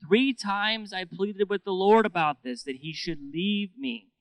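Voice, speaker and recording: A man's voice: high voice, a little slow, no room sound, rough recording. A male pastor preaching a sermon in a conversational, earnest way, often repeating words as he goes.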